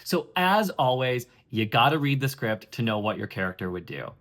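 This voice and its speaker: A man working as a Broadway audition coach, giving chatty, expressive coaching tips straight to camera with playful emphasis. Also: mid-range voice, normal speed, very noisy.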